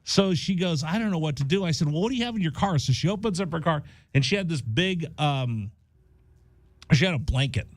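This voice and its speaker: A man's voice: on the high side, brisk, no echo, clean studio sound. A man hosting a radio show, chatting casually and acting out the people in his story. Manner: animated, acts out voices in his story. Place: radio studio.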